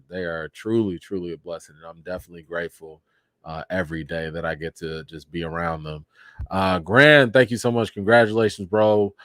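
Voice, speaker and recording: Here a low-voiced livestream host works through his viewers' comments, reading them out and thanking everyone individually. His delivery is lively, with frequent laughter and sharp upward swings, captured in studio quality with no room sound.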